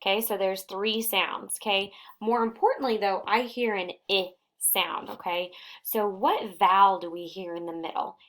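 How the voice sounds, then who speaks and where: A woman reading teacher giving a recorded phonics lesson to young children, sounding out words slowly and patiently. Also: medium pitch, fairly even intonation, a bit bright.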